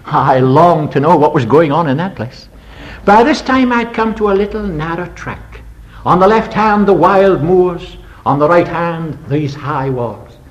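Older guy preaching, tells it like a story, goes big and loud then real quiet. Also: on the high side, a little slow, highs cut off. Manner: dramatic, swings between loud and hushed. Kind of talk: storytelling sermon.

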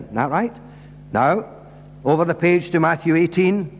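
A man with a high voice preaches with earnest emphasis and keeps pressing his listeners with direct questions. His voice rings out across a large hall with a long echo. The recording is dull and muffled, with a faint hum underneath. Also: expressive, normal speed, pauses often. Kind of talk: sermon.

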